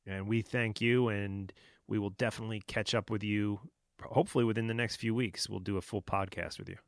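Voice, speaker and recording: A man's voice: on the low side, fairly even intonation, brisk, creaky, no room sound, studio quality. A man co-hosting a podcast, wrapping up an interview and plugging an upcoming show. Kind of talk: casual interview.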